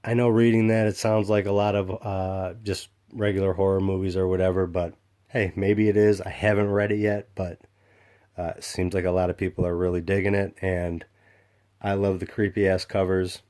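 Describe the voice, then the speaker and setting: A man casually showing off comic books in a rambling vlog, excited and full of fillers and restarts. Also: sits low, normal speed. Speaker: comic book collector vlogger. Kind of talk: casual show-and-tell vlog.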